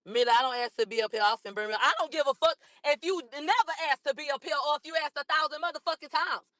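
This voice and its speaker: A hoarse woman from a cold, ranting combatively and profanely at critics on a livestream, repeating herself. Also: high voice, quick pace, fairly bright tone, no echo, clean studio sound. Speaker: livestream host. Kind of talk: heated livestream rant.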